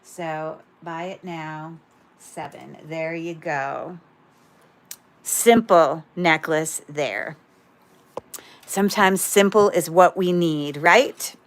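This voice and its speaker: A woman's voice: deep voice, drawn-out words. A woman hosting a livestream jewelry sale, chatting casually with viewers in a rambling way, breaking off mid-sentence and dropping corny puns.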